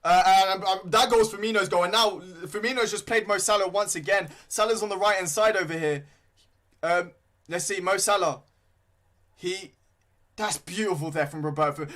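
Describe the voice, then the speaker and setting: A young man giving live, excitable fan commentary on a football match, full of slang and shouting at big moments. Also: sits high, brisk. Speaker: fan commentator streaming a watchalong.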